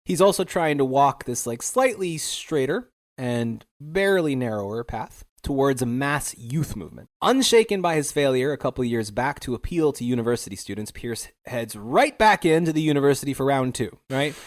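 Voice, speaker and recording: A young man with a middle-pitched voice tells a story on a podcast. He keeps it loose and wry, filling pauses with "uh" and "like" and chuckling at the absurd parts. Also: lively intonation. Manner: casual and wry, with many fillers and chuckles. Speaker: podcast host narrating history. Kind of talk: casual chat.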